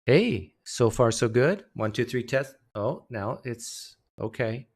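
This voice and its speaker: Man, livestream host, sarcastic, casual chat, desk mic, middle pitch. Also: animated, slow. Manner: sarcastic, joking while fixing mic settings. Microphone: desktop streaming mic.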